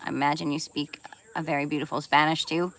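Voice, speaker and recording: A woman's voice: deep voice, flat delivery, fast, a bit bright, low-quality recording. A woman chatting casually on her live stream, playful and laughing often as she reads and answers viewer comments, swearing now and then.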